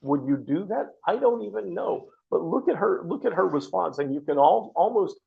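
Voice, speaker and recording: Male Bible study teacher, a bit higher pitched, husky; earnest explainer; dull recording. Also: lively intonation, moderate pace. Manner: earnest, explanatory, frequent restarts. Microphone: microphone.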